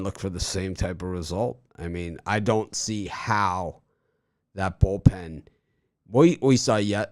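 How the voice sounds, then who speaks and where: A man hosting a sports betting show, chatting casually and rambling through stories with animated energy. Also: low voice, no room sound, clean studio sound.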